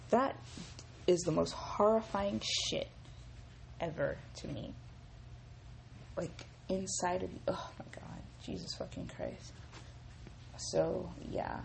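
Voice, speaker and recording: A young woman hosting a casual solo podcast, telling stories in a profane, animated way and acting out what people said. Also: fairly low pitch, creaky. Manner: profane, animated storytelling with quoted voices. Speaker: podcast host.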